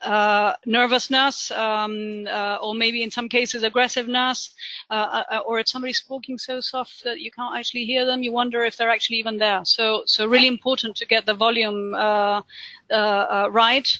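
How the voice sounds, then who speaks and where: A man giving a career training webinar, talking fast with lots of ums and uhs. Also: extremely high pitch, level tone, bright, forceful tone, dry recording, highs cut off. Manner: talks fast with many fillers. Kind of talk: webinar presentation.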